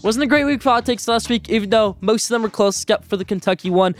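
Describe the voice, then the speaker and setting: A young man hosting a solo sports podcast, giving blunt, opinionated rapid-fire picks. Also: high-pitched, faint music behind.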